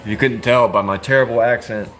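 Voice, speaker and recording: Blunt, joking American man, bright voice. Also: mid-range voice, fairly even intonation, brisk, a little hiss or hum. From United States. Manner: blunt, profane, joking with slangy "bro". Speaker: livestream host answering chat. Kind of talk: casual chat.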